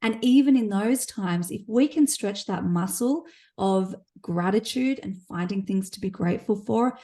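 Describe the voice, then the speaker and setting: A woman co-hosts a relaxed business podcast. She talks in an encouraging, reflective way, pitched mid-range, with practical tips. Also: a little slow. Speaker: podcast co-host. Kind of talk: casual business podcast chat.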